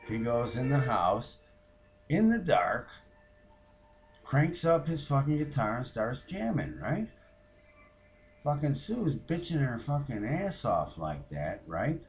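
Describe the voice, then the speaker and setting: A man's voice: mid-range voice, sing-song, slow pace, long pauses, soft background music. A man playing a foul-mouthed, fed-up woman who rants about her neighbors in a comic monologue. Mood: griping. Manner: profane, ranting, mimics others.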